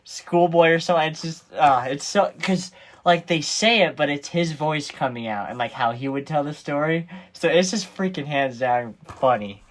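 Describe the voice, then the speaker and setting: A man's voice: fairly high pitch, normal speed, a little hiss or hum. A man hosting a podcast in casual chat, laughing often and acting out movie lines. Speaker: podcast host.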